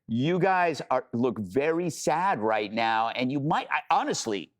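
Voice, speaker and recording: A man's voice: mid-range voice, sing-song, a little slow. A man on a news panel, mocking and sarcastic, often restarting his sentences. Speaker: co-host of panel show. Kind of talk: casual panel commentary.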